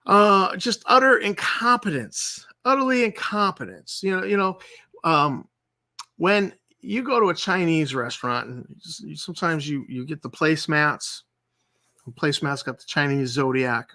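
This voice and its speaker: A man's voice: a little high, animated, normal speed, sharp tone. A man hosting his channel, ranting in sarcastic, exasperated commentary and hammering points home by repeating them. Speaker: channel host.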